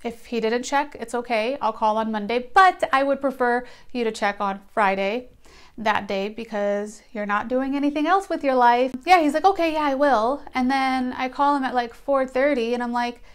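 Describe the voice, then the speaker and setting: A young woman tells a story to her camera in a relaxed vlog. Her voice is smooth and sits a little high. She is blunt and sarcastic, and she swears casually. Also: normal speed. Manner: blunt and profane, sarcastic asides. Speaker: vlogger.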